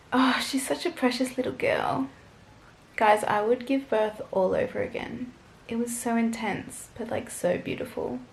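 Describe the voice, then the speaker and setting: A woman's voice: medium pitch, echoey room. A young woman vlogger telling a personal story to camera in a chatty, gushing way, full of fillers.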